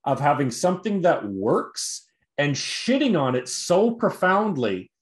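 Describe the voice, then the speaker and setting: A man's voice: on the high side, very animated, a little slow. Blunt, profane man ranting on a podcast. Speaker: podcast host. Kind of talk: casual podcast chat.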